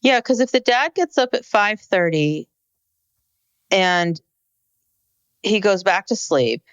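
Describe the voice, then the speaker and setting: A woman co-hosting a podcast, chatting in a relaxed, conversational way. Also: mid-range voice, takes it slowly, clear, resonant tone, no echo, muffled recording. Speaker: podcast co-host. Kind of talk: casual chat.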